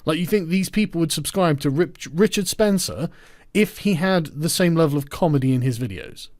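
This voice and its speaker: A man's voice: on the high side, fairly quick, darkish tone, no room sound, studio quality. A man delivering a sarcastic, scornful reaction commentary.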